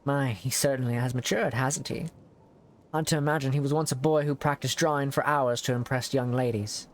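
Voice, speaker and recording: A man reading out a calm young woman mage's game dialogue in a gentle, wry way. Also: mid-range voice, a little fast, a little hiss or hum, lightly acted.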